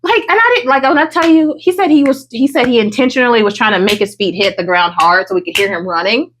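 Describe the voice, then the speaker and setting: Female co-host, high voice, animated storyteller, swears freely, casual chat. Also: a little hiss or hum. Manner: animated, profane, fast-moving storytelling. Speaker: podcast co-host.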